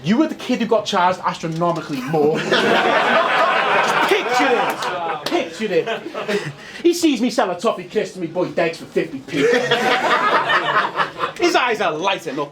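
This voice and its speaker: A man's voice: high-pitched, sing-song, a little slow. A man with a Liverpool accent performing as a battle rapper, telling comic stories to roast his opponent. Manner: storytelling, comic, says "yo" often. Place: live venue with audience. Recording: loud noise, live event.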